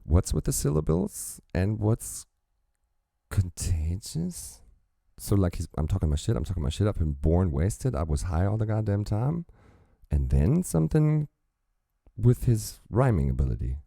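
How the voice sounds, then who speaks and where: Brief: male reaction host, extremely deep, gravelly, profane casual commentary, dry close sound. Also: sing-song, warm tone, no room sound. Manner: profane, pauses music to quote and comment.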